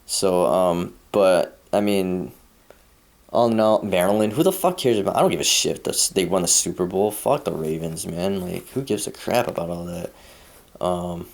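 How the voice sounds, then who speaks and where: A man's voice: deep voice, moderate pace, vocal fry. A young American man ranting in a crude, profane, rambling vlog monologue. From United States. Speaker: vlogger. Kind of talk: casual rant.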